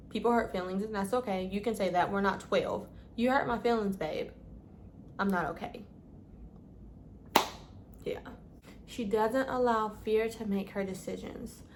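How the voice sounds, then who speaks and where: A woman's voice: mid-range voice, darkish tone, slight background noise. Woman vlogger, chatty and casual, trips over long words. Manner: chatty, calls listeners "babes", stumbles over words. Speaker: lifestyle vlogger. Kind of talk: casual advice vlog.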